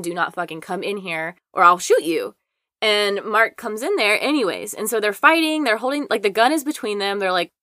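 A woman's voice: medium pitch, bright, forceful tone, no echo, clean studio sound. A young woman co-hosting a podcast, casually retelling a true-crime story with lots of "like" and swearing. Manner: chatty, heavy use of "like" and swearing. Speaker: podcast co-host.

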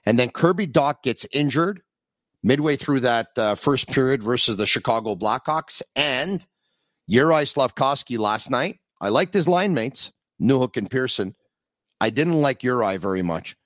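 A man hosts a sports podcast from his basement, his voice close and dry with no room echo. He talks in a relaxed, conversational way and builds up to his questions. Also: mid-range voice, measured pace. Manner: conversational, sets up questions in long lead-ins. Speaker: podcast host. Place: home basement.

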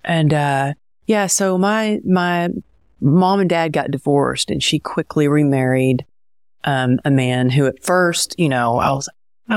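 A woman's voice: low voice, unhurried, smooth, dry recording, clean studio sound. A woman guest in an interview, speaking candidly and emotionally about her past. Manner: candid, soft-spoken, emotional. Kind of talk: personal interview storytelling.

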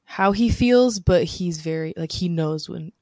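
A woman co-hosting a podcast in casual chat, excitable and gushing, swearing freely. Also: fairly low pitch, unhurried, dry recording, clean studio sound. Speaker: podcast co-host.

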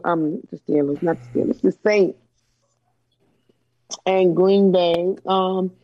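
A woman co-hosting a casual sports chat, blunt and brisk as she reads off picks. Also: on the low side, darkish tone, highs cut off. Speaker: podcast co-host.

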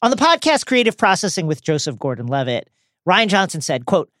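A man co-hosting a film podcast, talking excitably and slipping into mock voices when quoting. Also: high voice, a little fast, no room sound, studio quality. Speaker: podcast co-host. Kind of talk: enthusiastic film-recap podcast chat.

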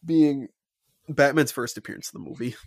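A gravelly, mid-range male voice at a moderate pace belongs to a podcast co-host rambling eagerly about a movie, full of filler words. The sound is clean studio audio with no room sound.

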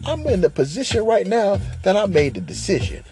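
A man's voice: high voice, very animated, brisk, music in the background. A man hosting a podcast, telling a crude, rambling comic rant and rapping over a beat. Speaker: podcast host. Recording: hip hop beat playing behind.

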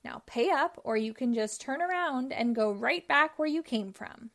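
A woman's voice: on the high side, lively intonation, moderate pace, vocal fry. A woman voicing a grumpy, money-minded male troll who blusters when crossed. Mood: blustering.

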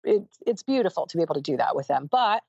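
An American woman in her fifties chatting as a guest in an interview, animated and emphatic, often laughing. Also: on the low side, fast talker, husky, dry recording, muffled recording. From United States. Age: 50s. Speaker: guest judge. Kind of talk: casual interview chat.

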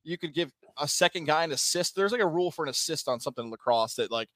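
A man co-hosting a sports radio show, telling animated stories and acting out the voices of the people in them. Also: a little high, fast, dry recording. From Central New York. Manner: animated storyteller, acts out voices in quotes. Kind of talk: casual sports talk.

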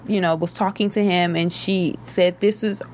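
Woman, co-host, earnest, detailed retelling, low-ish voice, faint noise. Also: fairly even intonation, moderate pace, darkish tone. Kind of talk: casual recap chat.

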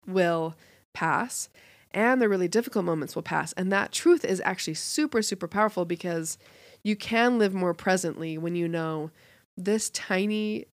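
A woman speaks earnestly and reflectively as a podcast co-host. Her voice sits a little low. The recording is dry and close. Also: moderate pace, no echo. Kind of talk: casual chat.

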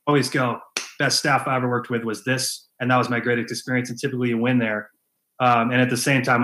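A man's voice: medium pitch, a bit bright, low-quality recording. A man who is a head baseball coach, talking earnestly as a podcast guest and often restarting and repeating phrases. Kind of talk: casual interview talk.

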